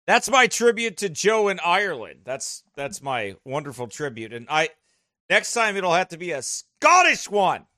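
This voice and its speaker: A man opens a sermon in an excitable, rambling way. His voice is bright and slightly high, and the sound is dry and close. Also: normal speed, dry recording. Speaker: preacher.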